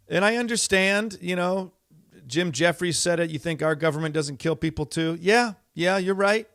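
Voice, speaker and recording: A middle-aged man hosts a podcast in a high voice that's a bit bright, speaking at normal speed in a dry, clean studio recording. His casual monologue rambles along in an exasperated way, packed with fillers and restarts.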